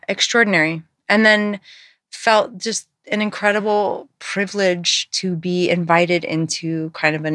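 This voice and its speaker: A woman's voice: fairly low pitch, a bit bright, dry recording, clean studio sound. A woman being interviewed, speaking earnestly and reflectively, searching for words with many fillers and restarts. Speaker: guest, author and musician.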